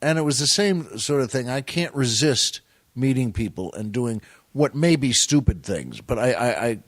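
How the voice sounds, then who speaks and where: A man's voice: medium pitch, lively intonation, normal speed, no room sound, clean studio sound. A man, a comedian and actor guesting on a podcast, telling show business anecdotes in a rambling, self-deprecating way with plenty of restarts.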